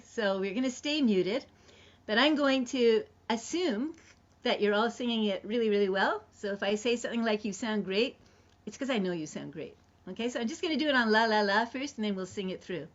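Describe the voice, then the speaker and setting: Chatty woman leading a sing-along. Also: mid-range voice. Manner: chatty, explains then sings refrain syllables. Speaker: song leader. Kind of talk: online singing lesson. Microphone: computer mic on video call. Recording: dull lo-fi video call audio.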